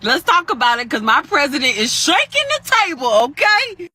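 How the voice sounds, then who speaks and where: A woman's voice: high voice, sing-song, normal speed, bright, forceful tone. A woman giving emphatic, assertive commentary to her viewers. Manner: emphatic, assertive, repeats okay for stress. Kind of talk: casual social media commentary.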